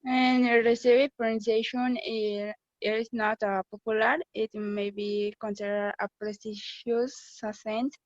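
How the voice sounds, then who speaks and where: A young woman student presents in a slow, halting read, pausing on hesitations. Her voice sits mid-range and comes through a dull, dry lo-fi recording. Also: on the high side, little pitch movement, no echo. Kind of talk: class presentation.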